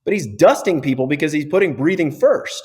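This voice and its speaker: A man, a physiotherapist guest on a podcast, explaining breathing in an energetic, casual way and often checking in with "right?". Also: fairly high pitch, brisk, breathy edge. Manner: energetic, keeps tagging points with "right?".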